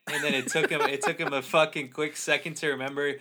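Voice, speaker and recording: Rambling young man with a bright voice. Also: on the high side, fairly even intonation, fast talker. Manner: rambling, joking, lots of fillers and swearing. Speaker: podcast co-host. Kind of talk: casual chat.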